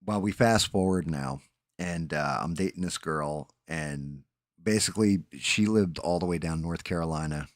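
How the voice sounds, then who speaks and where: A man's voice: deep voice, moderate pace, dry recording, clean studio sound. A man, telling rambling, profane stories in a casual chat as a stream host. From New Jersey. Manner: rambling, profane, laid-back storyteller.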